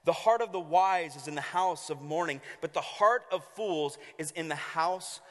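A man preaching a sermon as pastor, telling stories in an animated way and acting out the voices of the people in them. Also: on the high side, moderate pace, long reverb tail. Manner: animated storytelling with acted-out voices.

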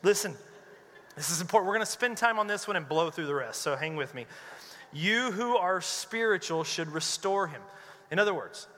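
A man preaching a sermon as pastor, an animated storyteller who acts out the voices he quotes. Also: a little high, big-room sound.

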